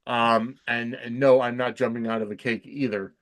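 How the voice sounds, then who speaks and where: A man co-hosting a casual chat podcast, talking in a halting way with many "um" fillers. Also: mid-range voice, flat delivery, fairly bright tone, a little hiss or hum. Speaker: podcast co-host.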